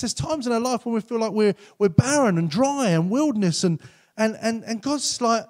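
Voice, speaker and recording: A man preaching a sermon as pastor, earnest and conversational, often acting out quotes in lively voices. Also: extremely high pitch, moderate pace.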